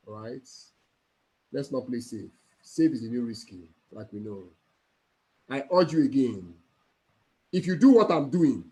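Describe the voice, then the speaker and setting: A man from Nigeria urges his listeners on in an emphatic, repeating motivational speech. His voice sits a little high for a man. He is heard over a video call. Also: dark tone. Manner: emphatic, repetitive exhortation. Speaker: network marketing mentor.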